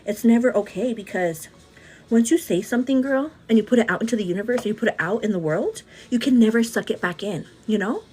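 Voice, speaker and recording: A woman in her thirties does her makeup while chatting with a livestream audience, friendly, open and rambling as she answers the chat. Her voice is a little high, mellow and husky, and she says "girl" a lot, tossing in quick asides.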